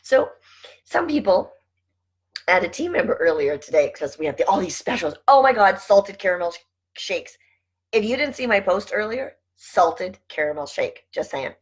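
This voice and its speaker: A woman's voice: medium pitch, sing-song, moderate pace, breathy edge, low-quality recording. A middle-aged woman talking casually to camera, chatty and rambling, laughing often as she goes off on asides. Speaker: vlogger and network marketing team leader.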